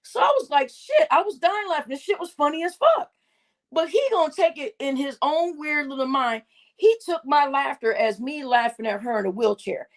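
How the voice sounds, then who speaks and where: Brief: young woman streamer, very high voice, can't stop laughing, profane, talks straight to chat. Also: lively intonation, moderate pace. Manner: keeps breaking into loud laughter, swears freely. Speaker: live streamer. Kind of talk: casual storytelling to a chat.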